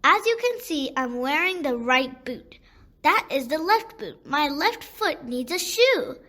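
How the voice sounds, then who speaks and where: A woman's voice: high-pitched, very animated, unhurried, sharp tone, heavily acted. A woman voicing a young girl in a children's storybook, speaking firmly and earnestly. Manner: firm, earnest. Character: little girl, firm but kind.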